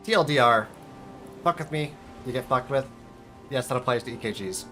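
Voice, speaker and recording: A young man tells a story casually while streaming a game, swearing freely and jumping up high to mimic beeping alarms. His voice sits at an ordinary middle pitch. Faint music plays in the background. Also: normal speed, long pauses, bright, forceful tone.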